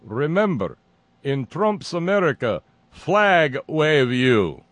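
A man voicing a male activist in a deliberately thick, bad Russian accent, speaking slow, broken English. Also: fairly high pitch, big pitch swings, fairly bright tone, no echo, pitched above the performer's own voice, heavily acted. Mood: mocking. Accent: put-on thick Russian.

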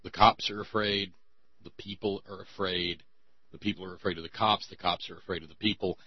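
A man's voice: deep voice, steady tone, fairly quick, husky, no echo, highs cut off. A man hosting a talk radio show, giving sarcastic commentary with sighs and stammered repeats.

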